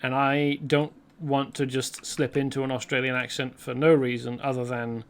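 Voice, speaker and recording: A man's voice: mid-range voice, level tone, moderate pace, clean tone. A man hosting a let's play, rambling chattily through gameplay commentary and correcting himself as he goes.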